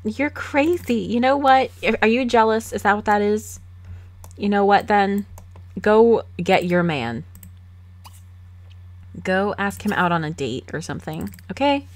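A woman's voice: mid-range voice, unhurried, long pauses. Giggly woman narrating a life-sim game. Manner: giggly, chatty, coaxing her game characters. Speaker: let's play host. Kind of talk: casual gameplay commentary. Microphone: desktop USB mic.

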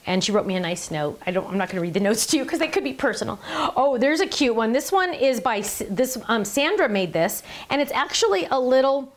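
A woman's voice: a little high, sing-song, brisk, few pauses. A middle-aged woman hosting a casual live stream, chatty and gushing, often laughing and talking aside to the person behind the camera. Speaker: live stream host showing handmade cards.

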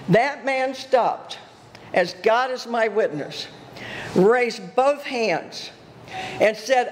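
An older woman preaches a sermon as a guest speaker at a church, telling stories earnestly and emphatically with chuckling asides. Her voice is a little high, with lively intonation and drawn-out words. The church hall is reverberant, and there's a little hiss or hum.

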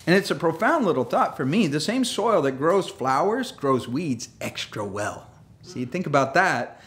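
A pastor preaching to his congregation in a loose, chatty way, a man whose voice sits a little high and swings widely in pitch. He wanders into funny side stories and pokes fun at himself before steering back to his point. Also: very animated, normal speed, a bit bright. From United States. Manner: conversational, self-deprecating, jokey asides. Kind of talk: sermon. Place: church sanctuary.

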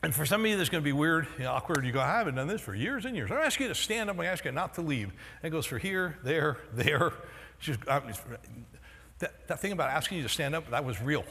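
Male pastor, raised pitch, animated sermon style, voice going hoarse, big reverberant sanctuary. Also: slight background noise. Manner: animated, jokey storytelling with quick voice swings. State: losing his voice. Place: large church hall. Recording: long hall reverb in a church auditorium.

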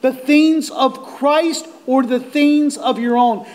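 A man preaching at a slow, deliberate pace in a strikingly high voice. He speaks earnestly and directly to his congregation as their pastor. At emotional peaks he rises almost to a shout. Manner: impassioned, rising to near-shouts on quoted cries; earnest, direct address to listeners. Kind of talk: sermon.

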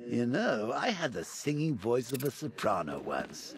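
An actor playing a manic male clown villain who sings and taunts, with a gravelly, sing-song cackling voice in a video game. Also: mid-range voice, wildly swooping pitch, a little slow. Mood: mocking. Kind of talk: video game musical number. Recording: game audio over loud music.

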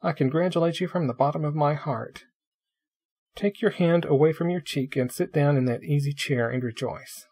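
A man's voice: a little high, normal speed, a little mellow, breathy edge. A man putting on a pompous, cheerful young logician. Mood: cheerfully teasing. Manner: lofty, wordy, mock-solemn.

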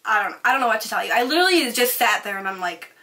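A woman's voice: on the high side, lively intonation, sharp tone. A young woman vlogger telling work stories in a casual rant while doing her makeup, full of "like" and swearing. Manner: fast, ranting, lots of "like" and swearing. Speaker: beauty vlogger.

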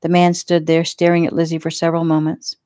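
A woman author reading her own novel aloud in a relaxed, homey way. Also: low-pitched, fast, no echo, studio quality. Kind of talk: casual audiobook narration.

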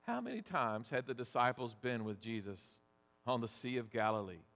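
A man preaching a sermon as pastor, deliberate and measured, asking rhetorical questions. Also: mid-range voice, lively intonation, fairly bright tone. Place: church sanctuary. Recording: long church reverb.

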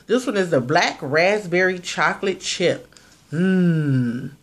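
A woman's voice: fairly low pitch, animated, normal speed, fairly bright tone. A woman vlogger chatting casually as she reviews products and reads out ingredient lists.

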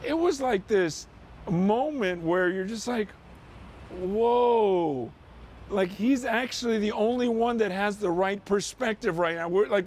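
A man pastor sending a casual, earnest video message to his church, talking conversationally with frequent "you know" and "man". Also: high voice.

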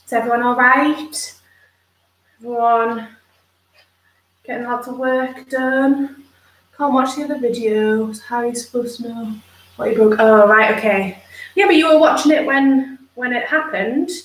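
A fairly high-voiced woman chats casually to her viewers while grooming her dog, slipping into cooing baby talk for the dog. She sits back from the mic in a roomy space. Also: measured pace, recorded from a distance. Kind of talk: casual live chat with viewers.

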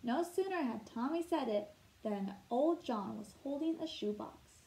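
A woman teacher reads a picture book aloud for children, shaping each line with storyteller expression. Her voice sits a little high, and she stops now and then to ask her listeners questions. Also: lively intonation, a little slow, hardly any pauses, dark tone, rough recording.

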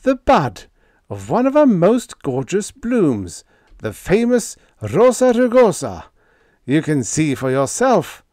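A man's voice: high voice, big pitch swings, slow, darkish tone, no room sound, clean studio sound, voice pushed up, heavily acted. A man voicing a meek, mild-mannered young spaceship officer who talks blandly and stammers when flustered, in an audiobook. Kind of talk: audiobook character voice.

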